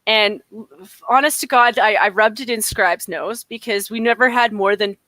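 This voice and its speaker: A woman's voice: mid-range voice, moderate pace, bright, forceful tone, no echo. Chatty Canadian woman, dry close sound. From northern Alberta, Canada. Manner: rambling, laughs often mid-sentence. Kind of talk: casual podcast chat.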